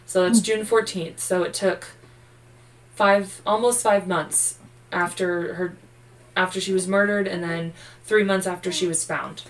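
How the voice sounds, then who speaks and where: A woman's voice: fairly low pitch, steady tone, unhurried, far from the mic, rough recording. A sleepy woman co-hosting a true-crime podcast, narrating the case casually with swearing and jokes. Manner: profane, loose and joking while reading case notes. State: sleepy, yawning. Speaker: podcast co-host.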